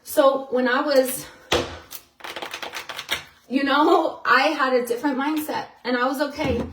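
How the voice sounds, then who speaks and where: A woman with a high voice chats to her viewers in a relaxed, unhurried way. She is excitable and loose, peppering her talk with fillers. Her voice rings in an echoey room. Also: background noise. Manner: chatty, with frequent fillers like "you know" and "like"; excitable storyteller who acts out quotes. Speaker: vlogger. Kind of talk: casual vlog monologue.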